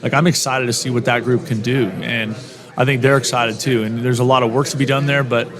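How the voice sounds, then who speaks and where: A man's voice: mid-range voice, little pitch movement, a crowd in the background. A middle-aged man, a college football head coach, talking upbeat as a radio interview guest, often restarting his sentences. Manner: upbeat, talks in quick bursts with many restarts.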